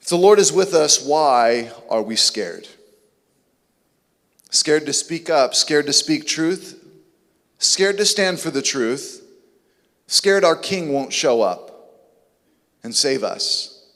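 High-voiced preacher in an echoing hall. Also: male voice, animated, takes it slowly, pauses often, a bit bright. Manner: emphatic, rhetorical questions. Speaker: pastor. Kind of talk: sermon.

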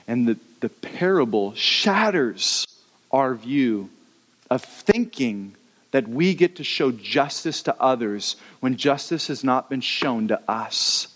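A male pastor preaching a sermon in an animated, conversational way, acting out the stories he tells. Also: medium pitch, slow pace, in a large hall.

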